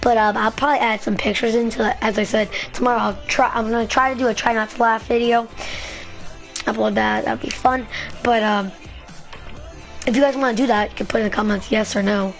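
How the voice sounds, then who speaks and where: A woman vlogger telling a story in a rambling, excitable way, full of fillers. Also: fairly high pitch, a little fast, faint music behind. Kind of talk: casual storytelling vlog.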